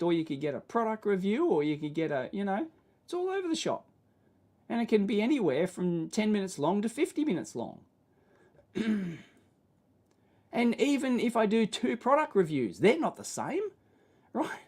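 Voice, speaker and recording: An Australian man with a nasal, slightly whiny voice chats loosely on a livestream. He rambles, repeats himself and keeps checking in with his audience, pausing now and then to clear his throat. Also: high voice, a little mellow. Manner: rambling, self-deprecating, frequent "right?" tags. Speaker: livestream host. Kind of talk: casual livestream chat.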